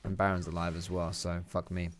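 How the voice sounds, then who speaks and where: A man's voice: low voice, completely flat delivery, a little fast. A young man giving casual, chatty commentary over his own gameplay, swearing and tossing out teasing asides.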